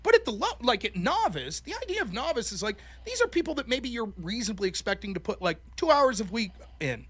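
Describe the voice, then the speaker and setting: A man's voice: extremely high pitch, very animated, fast, few pauses, fairly bright tone, husky. A man in casual podcast chat, talking animatedly, swearing constantly and acting out what other people said. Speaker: podcast guest, former college debater.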